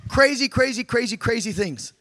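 A man preaching in a conversational teaching style, animated and playful with quick asides to his listeners. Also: very high voice, dry recording, studio quality. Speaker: preacher teaching a class on prayer.

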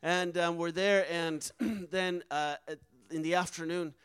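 A man's voice: on the high side, fairly even intonation, a little slow, a bit bright, smooth, no room sound, poor audio. A man, a missionary, telling a personal testimony with earnest emotion and acting out the quoted dialogue. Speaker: missionary speaker.

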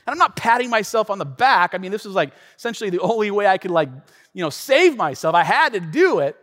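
A man with a high voice preaches in an animated, chatty way, often turning to the listeners with asides. His voice rings out with a long reverb from a large hall. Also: fairly quick. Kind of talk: sermon storytelling.

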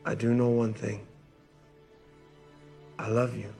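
A man's voice: fairly low pitch, little pitch movement, gravelly, mellow. An actor playing an earnest young man confessing love in a stage musical recording. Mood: tender. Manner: earnest, slow. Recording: roomy cast recording with music.

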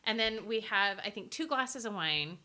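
A woman on a podcast telling a personal story in casual chat, animated and laughing through her lines. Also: mid-range voice, normal speed.

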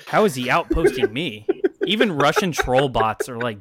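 A man's voice: medium pitch, sing-song, moderate pace, fairly bright tone. A man chatting casually on a podcast, swearing often and mocking himself. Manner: profane, self-mocking banter.

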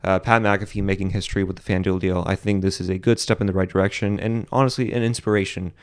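A young man with a fairly low voice talks through his opinions on a solo podcast. He rambles, restarts his sentences, and leans on fillers as he keeps going. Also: level tone, fast talker, clear, resonant tone. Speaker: podcast host. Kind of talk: casual solo podcast commentary.

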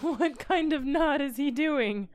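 A woman podcast co-host in giggly comedic banter, quick to react. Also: sits high, dry recording, clean studio sound.

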